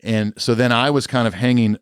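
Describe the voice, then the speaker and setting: A man's voice: medium pitch, steady tone, brisk, clean tone, no room sound, clean studio sound. A middle-aged man, a musician guest on a podcast, telling a long casual story in a rambling, laid-back way full of fillers.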